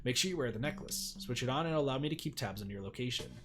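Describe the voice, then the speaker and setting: A man's voice: mid-range voice, animated, fast talker, natural voice. A man reading a game script aloud, voicing the sender of an urgent video message who lays out a plan and pleads for help.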